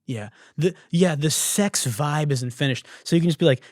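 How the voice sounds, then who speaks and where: A man's voice: on the high side, moderate pace, darkish tone, no echo, studio quality. A young man hosting a comedy podcast, riffing on viral videos in a casual, profane, laughing way. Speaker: podcast host.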